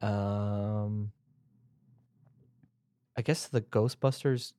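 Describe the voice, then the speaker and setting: Low-voiced eager co-host. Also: male voice, steady tone, very slow, mellow, clean tone, no room sound. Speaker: podcast co-host. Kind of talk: casual chat.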